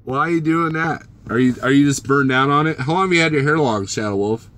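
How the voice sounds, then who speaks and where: A man's voice: fairly high pitch, fast, fairly bright tone. A man vlogging as a truck driver, casually chatting and joking with his live-stream viewers and teasing them by name.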